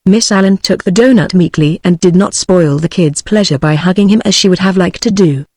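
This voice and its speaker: A synthetic female text-to-speech voice with a British English accent, reading a novel as an audiobook narrator in an even, measured way. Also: fairly low pitch, no room sound, clean studio sound. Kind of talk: scripted narration.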